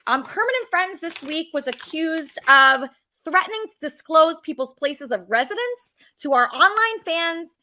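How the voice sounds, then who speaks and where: A woman's voice: very high-pitched, animated, normal speed, sharp tone, slight background noise. A woman hosting her own online show, delivering an indignant venting monologue to viewers and often tacking on "okay?". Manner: indignant, frequently adds "okay?". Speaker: show host.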